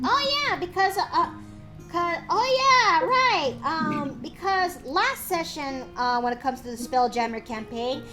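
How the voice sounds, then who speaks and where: A high-voiced woman streamer rambling excitedly on a voice call, her pitch swooping all over. She trips over herself with lots of fillers, and clear background music plays behind her. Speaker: streamer host. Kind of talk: casual chat on a voice call.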